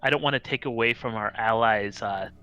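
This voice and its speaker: A man's voice: mid-range voice, a little fast, bright, forceful tone. A man playing a tabletop game, talking earnestly with small hesitations. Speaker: player. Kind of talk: casual tabletop game chat.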